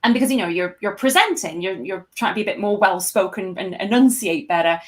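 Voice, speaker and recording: Relaxed chatty British woman. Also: medium pitch, a little fast. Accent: British, mixed with some American. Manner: chatty, self-deprecating, loose and relaxed delivery. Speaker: guest burlesque performer. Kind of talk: casual podcast chat.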